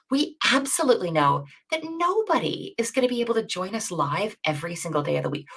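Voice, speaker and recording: A woman co-hosting a coding bootcamp livestream, chatty and self-deprecating with quick asides. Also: fairly low pitch, vocal fry, a bit bright, husky. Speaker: bootcamp co-host. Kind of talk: casual livestream teaching chat.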